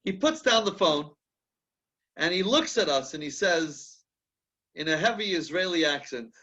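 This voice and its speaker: A man with a slightly high voice teaches a religious class in a loose, conversational way, rambling through anecdotes and restarting his phrases as he goes. The recording sounds dull and lo-fi, with the top end muffled. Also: lively intonation, measured pace, long pauses, sharp tone. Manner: chatty, restarts sentences while thinking aloud.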